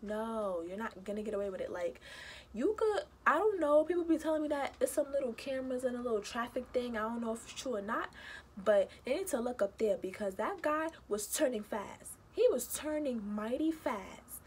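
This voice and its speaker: Animated high-voiced young woman. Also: normal speed, a little hiss or hum. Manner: animated, indignant storytelling with quoted voices. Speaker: vlogger. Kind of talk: casual storytime.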